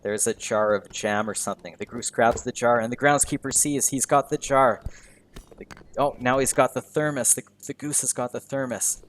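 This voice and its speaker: A man teaches English by narrating a video game slowly in simple words, repeating, rephrasing and correcting himself for learners. His mid-range voice is steady and a bit bright at a normal speed, with a little hiss or hum.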